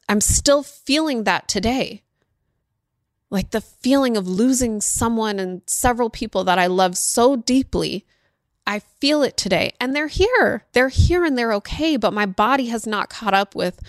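A podcast host speaks alone in a medium-pitched voice, captured cleanly in a studio with no room sound. Her reflective talk is earnest and emotional, and she picks up speed when recounting tense moments.

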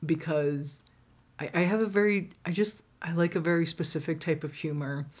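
A woman's voice: deep voice, fairly even intonation, normal speed, darkish tone. A woman hosting her own podcast alone, talking frankly and casually, swearing freely and laughing often. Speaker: podcast host. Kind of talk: candid solo podcast monologue.

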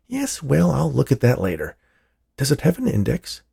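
A man doing a reckless, demanding inventor, pitched well above his own gravelly voice and swinging wildly in tone. He snaps and whines in exasperated bursts, with a husky edge underneath. A storybook character through and through. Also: wildly swooping pitch, moderate pace, warm tone, full character voice. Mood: dismissive. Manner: whiny, exasperated outbursts.

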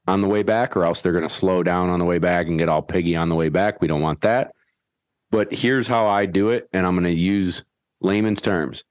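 A man hosting a podcast and explaining dog training in a folksy, animated way, acting out his whistle commands. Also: deep voice, no room sound. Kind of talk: casual instructional chat.

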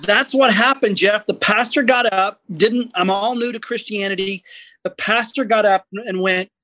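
A middle-aged man telling a story as a podcast guest, lively and self-deprecating. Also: high voice, moderate pace, no echo, rough recording. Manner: animated, self-deprecating storyteller acting out quotes. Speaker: guest, comedy skit writer.

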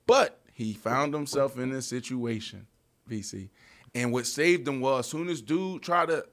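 A man hosting a casual sports podcast, talking in an animated way and laughing often as he calls people out playfully. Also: mid-range voice, a little slow. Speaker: podcast host.

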